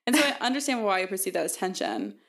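A woman's voice: mid-range voice, wildly swooping pitch, quick pace. A young woman co-hosting a podcast, speaking in a teasing, matter-of-fact way. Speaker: podcast co-host. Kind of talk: casual chat.

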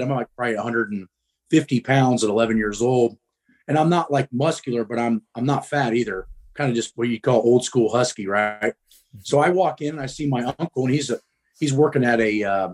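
A man's voice: mid-range voice, a little mellow, breathy edge. A middle-aged man from the Midwest, a guest telling his story in casual talk, blunt and profane, with frequent ums.

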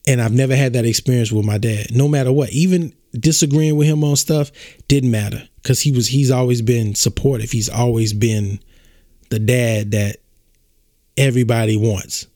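A man's voice: medium pitch, normal speed, mellow, no room sound. Young guy podcasting about his dad, heartfelt and rambling, says y'all a lot, dry close sound. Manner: emotional, addresses listeners as y'all, many restarts. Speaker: podcast host. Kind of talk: casual heartfelt storytelling.

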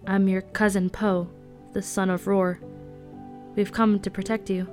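A woman voicing a tired, worried young man who speaks quietly and earnestly. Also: mid-range voice, level tone, measured pace, soft background music, natural voice.

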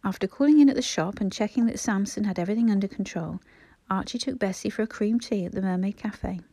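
Woman audiobook narrator, soft and hushed, warm dark tone. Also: mid-range voice, quick pace, dry recording. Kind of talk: scripted narration.

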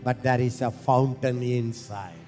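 A man from India preaching a sermon, impassioned and leading the crowd in call-and-response with slow, stretched phrases. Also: mid-range voice, fairly even intonation, a little mellow, faint music behind.

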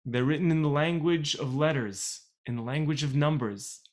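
A man with a fairly high voice leads an online Torah class over a video call. He explains each idea patiently, repeats key phrases for emphasis and drops in chatty asides. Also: normal speed. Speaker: Torah teacher.

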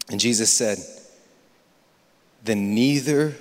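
Impassioned preacher in a reverberant hall. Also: male voice, lowish voice, unhurried, pauses often. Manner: dramatic, swings from hushed near-whispers to loud impassioned preaching. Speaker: pastor. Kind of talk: sermon. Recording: long reverb of a large hall.

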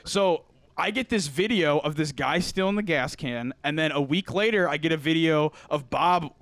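A man's voice: a little high, normal speed, a bit bright, no room sound. A young man telling a story in a casual chat, laughing often, swearing and acting out quotes. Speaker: podcast co-host.

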